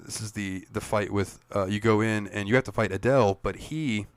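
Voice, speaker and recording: A man with a fairly low voice co-hosts a casual gaming podcast, retelling scenes with plenty of swearing and laughter. His voice sits close to the mic in a dry, deadened space. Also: a little fast, no room sound. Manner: profane, laughing recap storyteller. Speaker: podcast co-host.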